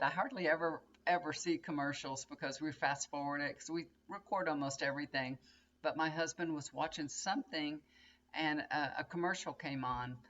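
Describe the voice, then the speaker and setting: This older woman, a tarot-reading vlogger, speaks in a low but fairly bright voice over dull-sounding audio. Indoors in her bedroom, she chats casually to camera, wandering from story to story.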